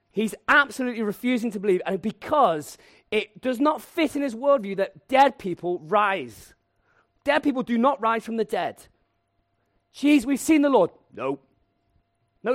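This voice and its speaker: A man preaching a lively, humorous sermon and acting out voices to tell the story. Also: high voice, no echo, clean studio sound.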